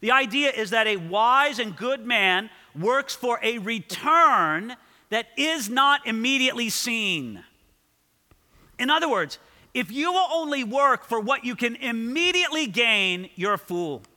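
High, sharp-voiced preacher in a reverberant hall. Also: male voice, expressive. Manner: emphatic, slows and repeats key points, rises when reading scripture. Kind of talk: expository sermon. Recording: long reverb of a large hall.

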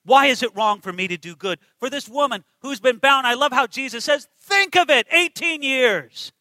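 A man's voice: very high voice, a little fast, sharp tone, no echo, rough recording. A man preaching a sermon, emphatic and full of rhetorical questions to his listeners.

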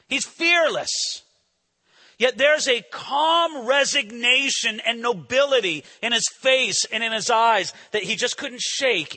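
A man preaching an expository sermon, animated and emphatic, asking the listeners questions. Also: sits high. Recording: long hall reverb.

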